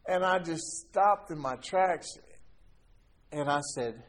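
A man tells a lively faith story as a guest giving a casual testimony, laughing as he goes. His voice is a little high, his pace slow, with long pauses.

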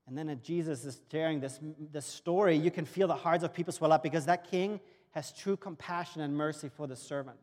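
German-born pastor, earnest sermon delivery, higher voice, reverberant hall sound. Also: male voice. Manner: storytelling with acted-out dialogue, earnest. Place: church auditorium. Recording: long reverb of a church hall.

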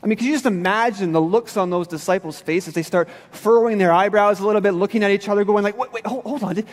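A man's voice: sits high, fast talker, big-room sound. A male pastor giving a sermon in a church, casual and conversational with everyday slang. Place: church sanctuary.

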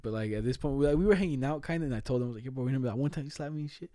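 Young man, casual storyteller, slangy and laughing, mellow timbre, dry recording. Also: mid-range voice, rapid-fire, no echo. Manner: slangy, laughing, acts out quoted voices. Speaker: friend telling stories.

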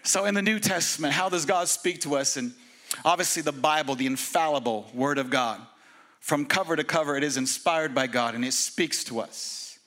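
A male pastor preaching an energetic, casual sermon with slang and humor at a church service. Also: a little high, normal speed.

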